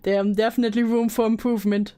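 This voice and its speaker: A woman's voice: on the high side, level tone, fast, mellow, clean tone. A woman livestreaming a reaction to a video, chatting casually, laughing often and thanking viewers. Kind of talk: casual live reaction chat.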